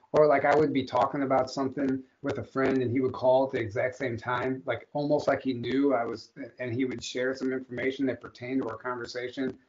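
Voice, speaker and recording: A man, a guest on an interview show, telling a long personal story in a rambling, animated way with many restarts. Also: mid-range voice. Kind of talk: casual storytelling in a podcast interview. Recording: dull lo-fi audio.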